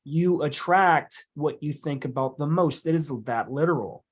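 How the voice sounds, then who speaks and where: Guy on a podcast, kinda high voice, blunt and emphatic, swears a lot. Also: a little slow, husky. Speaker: podcast guest, hypnotist. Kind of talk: casual conversation.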